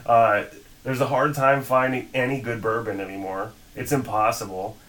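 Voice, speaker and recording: A man's voice: mid-range voice, normal speed, low-quality recording. A man co-hosting a casual podcast, telling a long story in a profane, exasperated way and acting out the people in it. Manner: animated retelling with quoted voices. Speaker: podcast co-host.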